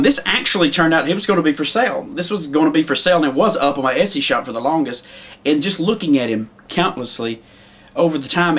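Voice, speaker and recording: A man who makes puppets, showing his creations in a casual, rambling way with many pauses and restarts. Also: medium pitch, fairly bright tone. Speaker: puppet maker. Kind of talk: casual show-and-tell.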